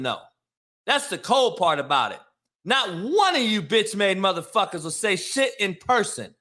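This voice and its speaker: A man hosts his own live stream in a fairly high, bright voice. He rambles casually between fillers and turns into profane, confrontational rants at commenters. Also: big pitch swings, moderate pace. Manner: profane, confrontational ranting at chat. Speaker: live show host.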